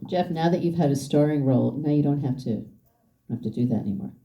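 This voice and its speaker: A woman's voice: low-pitched, fast, lo-fi sound. A woman moderating a film Q&A, adding light, joking asides. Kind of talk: moderating a panel.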